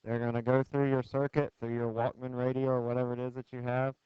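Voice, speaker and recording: A man's voice: medium pitch, little pitch movement, quick pace, clean tone, no room sound. A man giving a physics lecture, putting questions to the class in a conversational, joking way. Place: lecture hall. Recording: dull lo-fi classroom screencast audio, dry.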